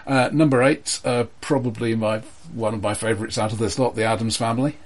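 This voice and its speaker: A man running through a film chart in a casual chat with a friend. He speaks in a measured, hesitant way, pausing often on ums and uhs. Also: mid-range voice, steady tone. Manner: measured, hesitant, many fillers. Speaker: podcast co-host presenting a chart.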